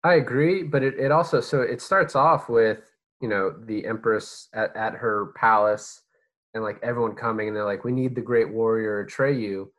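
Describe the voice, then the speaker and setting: A man's voice: fairly low pitch, moderate pace, a bit bright. Man, podcast co-host, casual chat, wry, hesitant, filler-heavy. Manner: wry, hesitant, acts out scenes in mock voices. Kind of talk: casual movie discussion.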